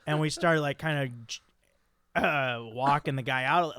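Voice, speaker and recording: Profane, animated male podcast host. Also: on the high side, unhurried, no echo. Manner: profane, animated storyteller with many restarts. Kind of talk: casual chat.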